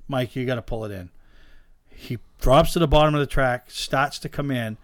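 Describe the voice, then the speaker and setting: A man, a guest telling lively stories about owning race cars in a casual chat, acting out the voices of the people in them. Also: mid-range voice, normal speed, no room sound, studio quality. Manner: animated anecdote teller, acts out quoted dialogue. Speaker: guest, race car owner. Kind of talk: casual storytelling in a podcast chat.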